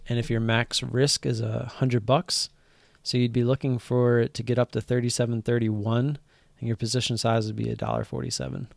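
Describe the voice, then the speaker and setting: A man hosting a laid-back live stream, wandering from point to point with plenty of fillers. His mid-range voice has a gravelly fry, and the sound is close and dry. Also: medium pitch, level tone, normal speed, dry recording. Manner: rambling, with many fillers and restarts. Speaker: stock trading live stream host. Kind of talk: casual live-stream chat.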